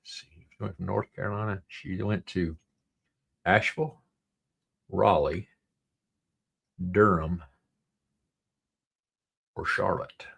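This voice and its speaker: A man with a Southern drawl talks in a low, gravelly voice. He hosts a casual livestream and rambles, reading viewer comments aloud as he goes. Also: fairly even intonation, slow pace, long pauses, fairly bright tone. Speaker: livestream host.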